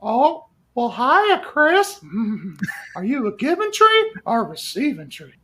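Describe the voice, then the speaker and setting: A man doing a leering, breathy impression of a lecherous cartoon neighbor. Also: extremely high pitch, wildly swooping pitch, slow pace, a bit bright, voice pushed up, heavily acted.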